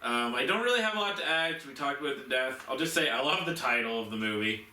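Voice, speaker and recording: A man chats casually about films, full of "um"s and "like"s as he looks for words. His tone is very bright and sharp. He sounds distant from the mic in a roomy, echoey space with a faint hiss. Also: mid-range voice, animated, fast. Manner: hesitant, lots of fillers and likes. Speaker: movie review show co-host. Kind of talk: casual movie chat.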